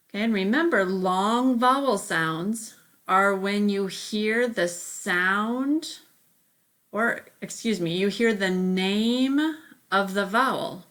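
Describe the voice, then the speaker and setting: A woman's voice: mid-range voice, fairly bright tone. A woman teacher giving a remote phonics lesson, patient and step by step, often saying okay.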